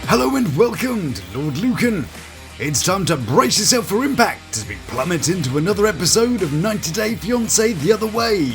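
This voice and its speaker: Music plays behind a British reality TV reviewer whose high-sitting voice is very animated and moves at a normal speed. Speaking British English, he offers scripted, sarcastic and jokey commentary on reality shows, full of mock-theatrical asides.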